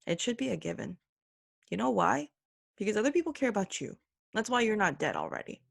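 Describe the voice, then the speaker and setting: Earnest woman with a gravelly edge. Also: mid-range voice, sing-song, dry recording, studio quality. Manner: earnest and emphatic, mimics others in quick put-on voices. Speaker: podcast host. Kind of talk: opinionated solo commentary.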